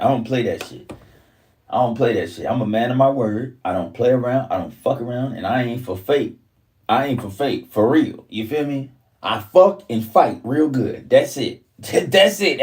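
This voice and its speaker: A man's voice: medium pitch, recorded from a distance. Profane ranting man, set back from the mic. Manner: profane, repetitive, heated ranting. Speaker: vlogger. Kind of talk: casual ranting monologue.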